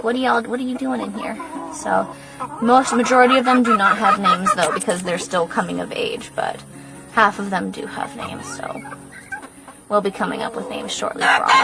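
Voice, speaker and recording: A woman's voice: gravelly, low-quality recording. A young woman giving a casual tour of her farm outdoors, slightly out of breath from walking. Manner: coos in a high baby voice to the animals.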